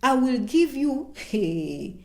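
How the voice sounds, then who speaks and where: This is a woman hosting a casual livestream Q&A, her voice sitting slightly high. She is emphatic and self-promoting, repeats phrases, and calls herself by name. The room gives her voice a noticeable echo. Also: takes it slowly. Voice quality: animated, emphatic repetition. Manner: chatty, self-promoting, speaks of herself in third person. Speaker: YouTuber answering viewer questions.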